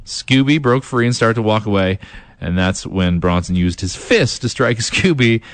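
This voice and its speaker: A man's voice: lowish voice, lively intonation, normal speed, no room sound. A young man hosting a radio show, chatting casually, rambling with lots of fillers and self-deprecating asides. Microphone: studio mic.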